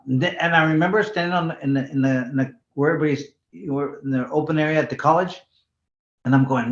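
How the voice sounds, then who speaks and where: A former pro boxer from California tells his story in a loose, animated interview, swearing and restarting as he goes. His voice sits a little high for a man. The recording is roomy and somewhat dull. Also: fast. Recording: roomy, slightly dull sound.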